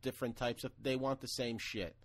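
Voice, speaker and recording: A man's voice: mid-range voice, fairly even intonation, a little fast, no room sound. A man co-hosting a podcast, talking in a casual, rambling way, full of "like" and "you know what I mean", swearing now and then. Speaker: podcast co-host. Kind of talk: casual chat. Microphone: camera, video call.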